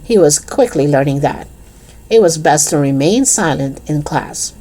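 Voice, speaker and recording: A woman reading a children's chapter book aloud in an expressive, lively storytelling manner. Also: deep voice, unhurried.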